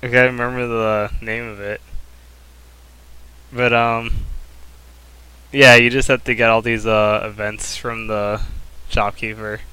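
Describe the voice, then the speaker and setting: A man's voice: medium pitch, little pitch movement, a little slow, long pauses, sharp tone, clear, resonant tone, low-quality recording. A man in a casual chat, giving brief, hesitant replies. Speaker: podcast co-host.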